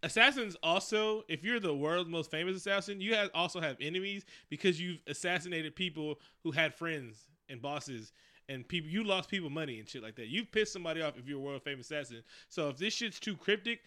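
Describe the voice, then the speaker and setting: A man recaps a film in loose, profane, jokey chat. His voice sits a bit high and comes through smooth and clear, with a bright, forward edge. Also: a little fast. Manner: animated, profane, jokey storytelling. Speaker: podcast co-host recapping a movie. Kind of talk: casual chat.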